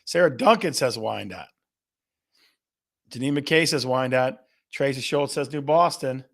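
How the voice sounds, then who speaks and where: On a live-stream real estate show, a man plays a call-and-response game with his audience, energetically repeating questions and reading out their guesses. His voice is medium-pitched and creaky, and he doesn't hurry.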